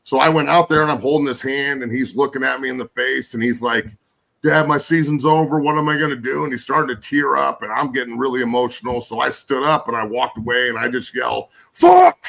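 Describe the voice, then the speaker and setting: A man's voice: medium pitch, fairly even intonation, fast, gravelly, hardly any pauses, sharp tone, rough recording. A man in his forties, a guest and former pro football player, ranting angrily and cursing in casual podcast chat. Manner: angry, profane ranting.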